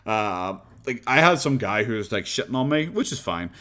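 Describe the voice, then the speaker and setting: A man's voice: mid-range voice, big pitch swings, normal speed, sharp tone. A man with an Irish accent chatting casually on a live stream, rambling, laughing often and swearing freely as he reads comments.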